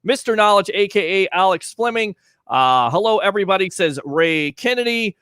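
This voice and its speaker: A man's voice: high-pitched, expressive, normal speed, pushed and bright, clean tone, no echo. A man hosting a casual call-in sports talk show, chatting and reading out viewer comments.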